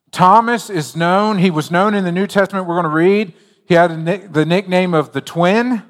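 A man's voice: a little high, in a large hall. A man preaching a sermon as a pastor, telling stories in a conversational, joking way.

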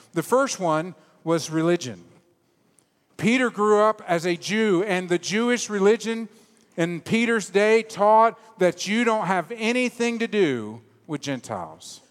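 A man preaching a sermon in a church, animated and joking, then dropping to quiet, low emphasis. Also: in a large hall. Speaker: pastor. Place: church sanctuary.

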